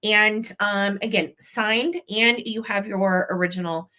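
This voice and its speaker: Bright upbeat woman selling vintage live. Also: medium pitch, steady tone, unhurried. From western United States. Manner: chatty, upbeat, sales patter with auction countdowns. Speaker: live sale co-host.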